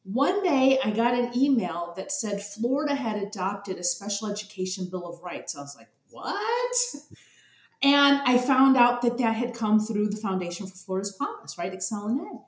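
A woman's voice: medium pitch, animated, normal speed, few pauses, echoey room. A woman talking about special education policy in an interview, earnest and emotional, often repeating words as she speaks. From Arizona. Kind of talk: interview conversation.

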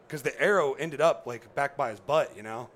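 A man, a former pro football player, telling an animated hunting story, laughing and acting out what others said. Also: medium pitch, moderate pace, slight background noise. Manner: excited, laughing, acts out quoted voices.

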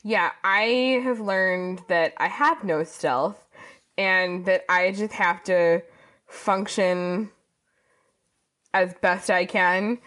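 A woman's voice: fairly low pitch, extremely slow. Playful, self-mocking woman guest. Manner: playful, self-deprecating, expressive. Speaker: podcast guest; power wheelchair user. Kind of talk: casual chat.

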